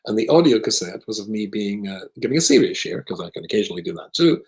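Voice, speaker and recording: A rabbi telling a humorous story with wry, self-deprecating jokes. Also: male voice, fairly low pitch, big pitch swings, quick pace, low-quality recording. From Scotland. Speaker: rabbi, guest speaker.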